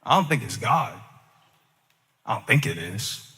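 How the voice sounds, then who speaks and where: A man preaching a sermon as a pastor, swinging between loud, sing-song peaks and hushed, low asides, with touches of humor. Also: sing-song, a little slow, big-room sound.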